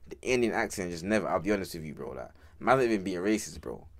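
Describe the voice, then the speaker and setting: Man, low and lively, slangy streamer reacting live to a video. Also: fast talker. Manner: animated, slangy, laughs often, addresses chat. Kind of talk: casual reaction chat.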